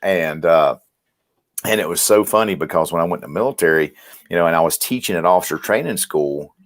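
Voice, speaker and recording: A man's voice: sits low, fairly quick, no room sound, clean studio sound. A middle-aged man with a Southern Mississippi drawl, telling folksy stories as a guest on a casual podcast. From South Mississippi, USA. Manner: folksy, animated storyteller with a drawl. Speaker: podcast guest, medical instructor.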